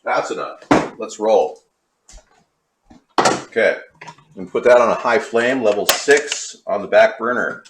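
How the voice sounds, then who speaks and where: In an echoey home kitchen with faint clattering, a Hollywood, California man streams himself cooking and rambles to viewers in conspiratorial asides. He speaks unhurriedly in a lowish voice with long pauses, against heavy background noise.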